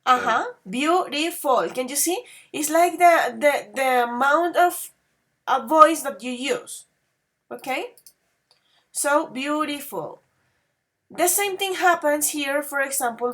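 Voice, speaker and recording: Teaching English grammar, a woman patiently tests her students and slowly spells word endings aloud. She has a high voice and a fairly bright tone.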